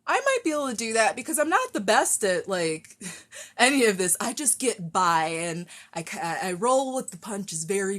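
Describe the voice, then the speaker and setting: Slow, rambling woman chatting on a live stream. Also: mid-range voice. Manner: rambling, chatty, self-deprecating. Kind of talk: casual live-stream chat. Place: at home, fixing a wig on stream.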